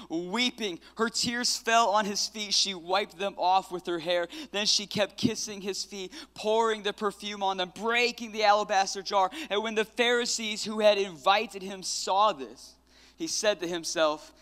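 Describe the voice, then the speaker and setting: A male pastor preaching a sermon in a church, retelling a Bible story, praying fervently and adding casual, energetic asides. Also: high voice, clean tone. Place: church sanctuary. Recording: long hall reverb.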